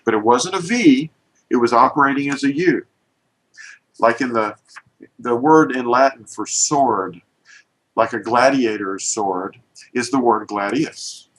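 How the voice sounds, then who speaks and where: A man's voice: medium pitch, a little slow, long pauses, low-quality recording. A man teaching an informal lesson, pointing at letters and explaining with emphatic, restarting speech.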